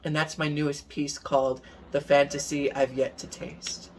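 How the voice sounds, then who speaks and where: A man performing spoken word poetry in a measured, rhythmic way. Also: a little high, flat delivery, slight background noise. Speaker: guest poet.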